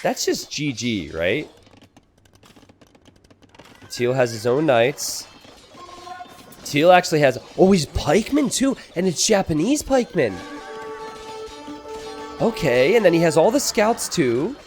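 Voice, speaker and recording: A man giving casual strategy game commentary, excitable, laughing and exclaiming at players' blunders. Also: a little high, slow, pauses often, faint music behind.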